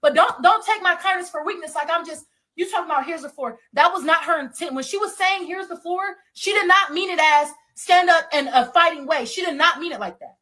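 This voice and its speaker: A woman's voice: very high voice, fairly quick, sharp tone. A woman emphatically recounting a conflict, repeating her points and quoting the other person. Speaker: interviewee.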